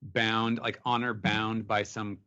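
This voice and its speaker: A man's voice: fairly low pitch, level tone, takes it slowly, pushed and bright, clean tone, dull audio. A man co-hosting a podcast, rambling casually with many likes and laughing at his own jokes.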